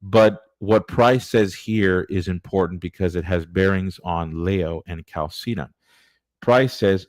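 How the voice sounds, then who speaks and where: A man's voice: low-pitched, a little slow, no echo. A man presenting church history in an earnest, digressive, conversational lecture. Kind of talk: casual lecture.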